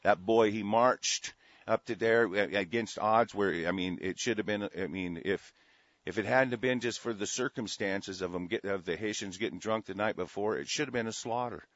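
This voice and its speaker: A man hosting a talk show, delivering an angry, profane political rant in a heated, forceful way. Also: fairly low pitch, moderate pace, dry recording. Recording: dull, dry lo-fi sound.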